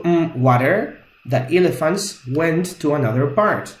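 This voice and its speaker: A man's voice: fairly high pitch, animated, unhurried, reverberant, rough recording. A man teaching an English grammar lesson, patiently explaining each point step by step.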